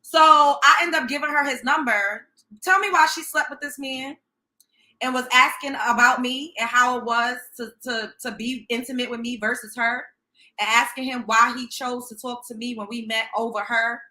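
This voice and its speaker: A woman's voice: on the high side, steady tone, normal speed, sharp tone. A young woman from Brooklyn, hosting a show and telling a story in a blunt, profane, sassy way. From Brooklyn, New York. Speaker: host. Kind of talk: storytelling commentary.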